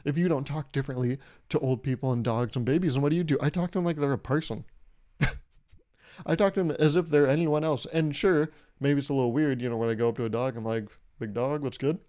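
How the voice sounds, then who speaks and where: A young man hosting a solo comedic podcast, rambling and irreverent, swearing freely and breaking into loud mock voices when he quotes people. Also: medium pitch, fast talker. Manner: profane. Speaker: podcast host.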